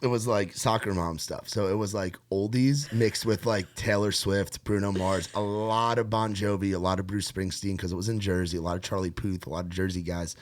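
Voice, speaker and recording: A man's voice: low-pitched, steady tone, a little fast, few pauses. A man with a radio voice hosting a podcast in casual chat, laid-back and swearing freely, with loose rambling restarts. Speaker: podcast host.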